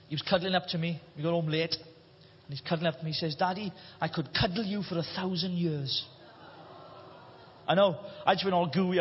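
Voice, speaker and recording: A Welsh man preaching a sermon, impassioned, swinging between shouting and hushed delivery. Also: a little high, breathy edge. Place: church hall. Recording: reverberant hall, dull lo-fi sound.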